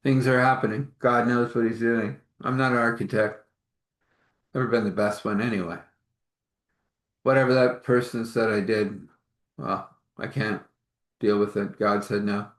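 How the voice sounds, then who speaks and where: A man's voice: on the low side, fairly even intonation, normal speed, long pauses, reverberant. A man telling an informal faith story in a rambling, chuckling, conversational way.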